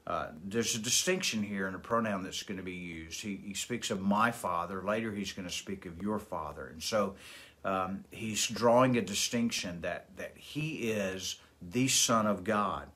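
A man with a lowish voice gives a daily Bible devotional. He reads scripture aloud, then explains it steadily, pausing on fillers and restarting phrases as he thinks. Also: a bit bright. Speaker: pastor.

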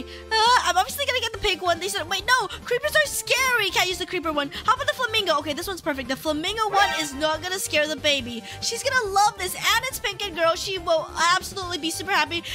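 A woman's voice: very high-pitched, very animated, fairly quick, hardly any pauses. A woman hosting a casual game role-play as an expectant mother, chatty, fretful and exclamatory. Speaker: channel host playing an expectant mother. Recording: voice chat over loud game music.

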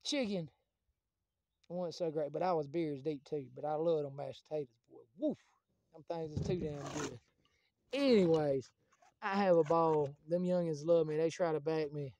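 Man vlogger, high mellow voice, loose profane rambling. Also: moderate pace, no room sound. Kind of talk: casual rambling monologue to camera.

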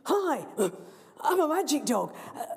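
A woman voicing a quick-thinking, cheeky male terrier in a storybook reading, with a chirpy, blustering patter. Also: high-pitched, big pitch swings, vocal fry, voice pushed up, exaggerated voice. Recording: long reverb of a large hall.

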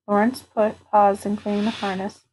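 A woman narrating a novel aloud at a steady, even pace. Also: medium pitch, moderate pace, noisy background. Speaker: audiobook reader.

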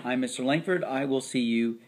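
A man teaching a phonics lesson to children, slowly sounding out each part of the words. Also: medium pitch, slight background noise. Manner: slow, drawn-out sounding of word parts.

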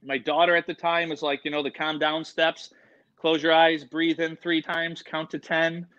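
An excitable middle-aged man rambles through an animated story, his voice bright and forceful with a slightly raised pitch. The recording is dull and lo-fi. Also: normal speed. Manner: excitable, rambling, lots of fillers and quoted voices. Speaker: guest, animal expert. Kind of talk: excited storytelling in casual interview. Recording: dull lo-fi sound.

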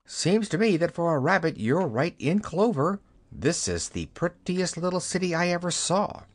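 Man putting on a young girl, raised pitch, frank and matter-of-fact, storybook reading. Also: very animated, moderate pace. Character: young girl Dorothy, plain-spoken and honest.

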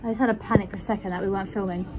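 A woman's voice: mid-range voice, steady tone, rapid-fire, a crowd in the background. A young woman, chatting casually to camera in a rambling vlog style. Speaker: vlogger.

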